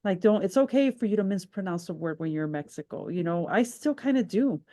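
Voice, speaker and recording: A woman's voice: mid-range voice, lively intonation, fairly quick, mellow. A woman hosting a podcast interview, talking in a reflective, rambling way with many restarts. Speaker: podcast host.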